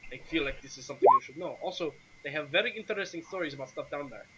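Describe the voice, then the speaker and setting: A man voicing a gruff male guard who speaks in clipped, broken sentences and drops his articles. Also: a little high, animated, fairly quick, heavy background noise, lightly acted. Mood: reporting.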